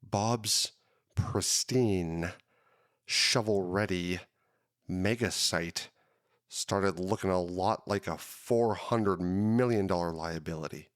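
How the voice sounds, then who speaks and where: A man hosting a podcast, telling his own story in a dramatic, drawn-out hardboiled detective style. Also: low voice, no room sound, studio quality. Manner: dramatic, drawn-out noir delivery. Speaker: podcast host.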